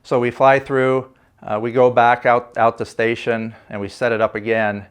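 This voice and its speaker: Older male ex-pilot, smooth mid-range voice, unhurried interview storyteller. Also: mid-range voice. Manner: relaxed anecdotal, many "uh" fillers. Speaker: retired Navy fighter pilot.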